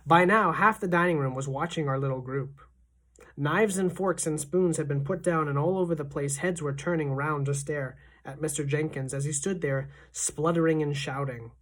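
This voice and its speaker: A woman teacher reading a children's novel aloud in a steady, expressive narration. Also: low voice, moderate pace.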